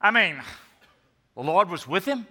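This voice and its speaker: Bright high-voiced male preacher, echoing hall. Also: big pitch swings, measured pace. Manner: emphatic, repeats key points. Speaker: pastor. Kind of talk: scripture reading and sermon. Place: church sanctuary. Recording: long reverb of a church hall.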